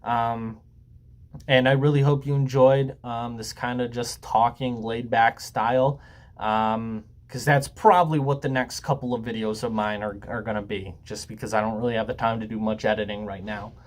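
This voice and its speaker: A man's voice: mid-range voice, steady tone, normal speed. Easygoing young man rambling with ums. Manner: rambling and joking with frequent ums and swearing. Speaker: YouTuber. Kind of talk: casual laid-back talk to camera.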